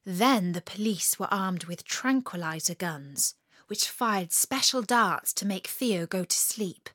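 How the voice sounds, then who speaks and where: A woman narrating a children's story in a lively, expressive way, slowing for emphasis. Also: medium pitch, dry recording, studio quality.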